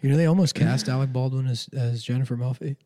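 A man's voice: mid-range voice, fairly even intonation, fast talker, dark tone, no echo, studio quality. A man co-hosting a comedy podcast, riffing with absurd jokes in casual chat. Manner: joking, riffing with absurd bits and character voices. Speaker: podcast co-host.

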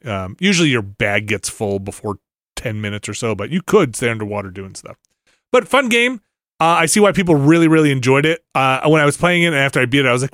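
A middle-aged man rambling through a casual podcast chat, full of restarts and filler words. His voice sits at a middle pitch and is recorded dry and close, with no room sound. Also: very animated, fast, fairly bright tone, no echo. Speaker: podcast co-host. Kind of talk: casual chat about video games.

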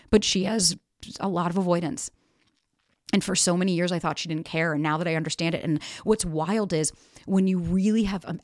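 A woman's voice: low-pitched, a little mellow, no echo, studio quality. A woman hosting a podcast, talking frankly and emphatically and swearing freely. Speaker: podcast host and dating coach. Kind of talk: candid podcast monologue.

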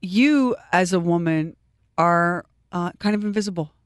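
A middle-aged woman co-hosting a radio talk show, telling animated stories and mimicking the people in them. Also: lowish voice, unhurried, dry recording, studio quality. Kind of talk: casual morning show banter.

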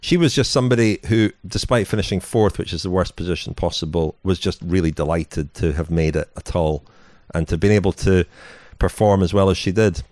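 A man's voice: low-pitched, a little fast, few pauses, darkish tone, no echo, studio quality. A man co-hosting a podcast, telling a story in a meandering way with many "you know"s and restarts. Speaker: podcast co-host. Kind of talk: casual chat.

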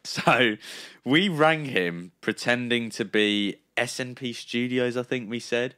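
A man's voice: mid-range voice, slow pace, bright, forceful tone, smooth. A young man co-hosting a podcast, telling a prank story in a laughing, teasing way. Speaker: podcast co-host. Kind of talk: casual chat.

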